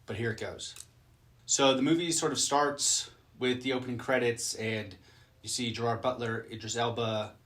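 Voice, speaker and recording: A man's voice: medium pitch, fairly even intonation, moderate pace, fairly bright tone. A man recapping a movie he just watched and reacting to it in casual chat, loose and rambling, with plenty of swearing.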